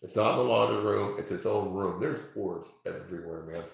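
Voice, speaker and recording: A man reading tarot live for his chat from home, talking excitably, swearing freely and exclaiming. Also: deep voice, a little fast, gravelly. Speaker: tarot reader livestreaming to chat. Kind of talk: casual live-stream chat. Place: at home, indoors. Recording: very echoey room.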